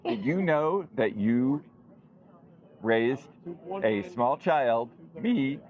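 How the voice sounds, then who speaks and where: Man vlogger, slow teasing delivery, lively pitch, dull lo-fi sound. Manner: playful teasing, slow and drawn out. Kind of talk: casual chat. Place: pub.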